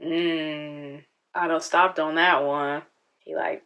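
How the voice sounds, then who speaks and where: A woman's voice: sits low, steady tone, slow, fairly bright tone, clear, resonant tone. A woman hosting a casual reaction video, chatting and talking back at the screen.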